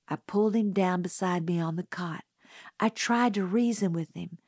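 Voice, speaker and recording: A woman reading a novel aloud in first person, measured and unhurried. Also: lowish voice, darkish tone, no room sound, studio quality. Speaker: audiobook narrator. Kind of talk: scripted first-person narration.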